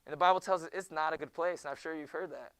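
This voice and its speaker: A young man teaching a junior high Bible class in a classroom, joking with the students and often hushing them. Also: racing, clean tone, dry recording. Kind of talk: classroom lecture.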